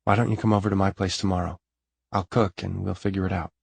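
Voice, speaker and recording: A man reading the lines of a gentle, hurt but brave young woman in an audiobook, with a soft, pleading manner. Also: sits low, level tone, fast, gravelly, husky, no echo, exaggerated voice. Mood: tender.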